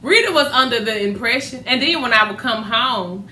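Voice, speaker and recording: A woman, co-hosting a podcast and telling family stories in a lively, laughing, slangy way. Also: a little high, normal speed. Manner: animated, laughing, slangy storyteller. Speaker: podcast co-host. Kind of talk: casual storytelling chat. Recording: echoey room with faint noise.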